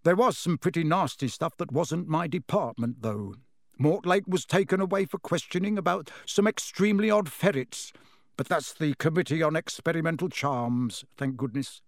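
A man's voice: fairly high pitch, normal speed, dry recording, clean studio sound, close to an everyday voice. A man voicing a tired, mild middle-aged wizard father who mumbles wearily and stammers when caught out. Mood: weary. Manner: weary, mumbling, then flustered and stammering.

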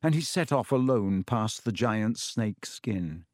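A man narrating a storybook in a measured, dramatic reading. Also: on the low side, expressive, a little mellow, no echo, studio quality. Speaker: audiobook narrator.

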